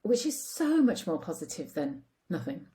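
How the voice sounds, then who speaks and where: A woman coach talks through her relationship lessons in a relaxed, chatty way, filling gaps with ums and slipping into little acted-out quotes. Her voice sits a bit low and sounds mellow and warm. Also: normal speed. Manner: chatty, acts out quoted voices, frequent fillers. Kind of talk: casual talk to camera.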